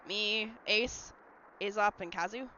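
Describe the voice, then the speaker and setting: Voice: medium pitch, takes it slowly, bright, forceful tone. A livestreamer in casual, rambling chat while gaming at home, answering messages from chat. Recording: slightly dull lo-fi mic. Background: faint game music.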